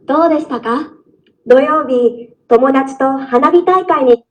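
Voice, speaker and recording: A polite young woman in a course dialogue, read by a woman actor. The voice sits high and clear, and every line comes slowly and carefully, as if for learners to repeat. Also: close to an everyday voice, poor audio. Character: polite young woman telling about her holiday. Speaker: dialogue speaker in a language-course audio clip. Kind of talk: slow, clear textbook dialogue reading.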